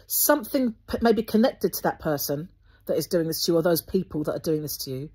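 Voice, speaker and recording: A woman, speaking earnestly to her viewers with Christian encouragement, gently instructive and often restarting her sentences. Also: lowish voice, animated, quick pace, slightly rough. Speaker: Christian video host.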